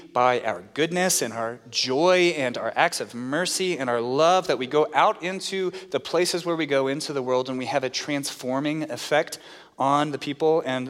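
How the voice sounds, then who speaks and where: A man preaching a sermon to a congregation, explaining a scripture passage in an earnest teaching tone and asking the listeners questions. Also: fairly high pitch. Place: church sanctuary. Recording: reverberant hall.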